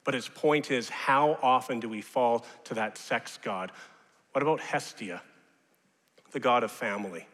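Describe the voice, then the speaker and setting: A man preaching a sermon as pastor, animated and rising now and then to loud mocking shouts. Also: mid-range voice, measured pace. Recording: long reverb of a large hall.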